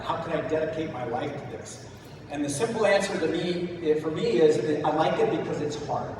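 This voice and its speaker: A man in his sixties from the United States giving a keynote speech, talking in a relaxed, plainspoken way. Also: on the high side. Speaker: keynote speaker. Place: large event hall. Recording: echoey hall, distant mic, audible noise.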